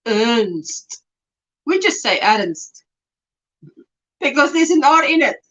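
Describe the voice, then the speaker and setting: Over dull, lo-fi stream audio, a high-pitched South African host of a crochet livestream warmly reads out her chat, gushing with exclamations and laughter at viewers' work in a casual way. She is still recovering from swelling in her throat.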